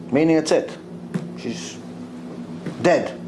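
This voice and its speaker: A middle-aged man, a rabbi, giving a Torah lecture and retelling a story with animated delivery, dropping Hebrew religious terms. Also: on the high side, slow pace, long pauses, slight background noise, poor audio.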